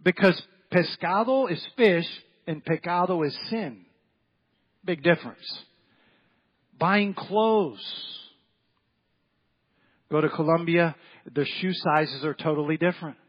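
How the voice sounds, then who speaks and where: A man's voice: on the high side, slow pace, long pauses, breathy edge, lo-fi sound. A man preaching an evening church sermon as pastor, folksy and repetitive, often acting out the voices of people in his stories. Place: church sanctuary.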